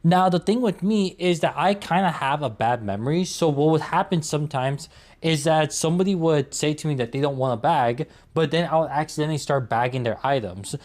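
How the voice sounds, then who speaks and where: A man's voice: on the high side, a little fast, darkish tone. Young male storyteller, exasperated rant, casual commentary read. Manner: exasperated, ranting.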